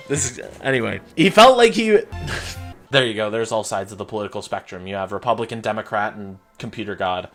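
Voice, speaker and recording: A man's voice: medium pitch, expressive, a little fast, sharp tone. Casual male commentator, wry and giggly, faint music underneath. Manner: wry, laughing, jumps between silly voices. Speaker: video commentator.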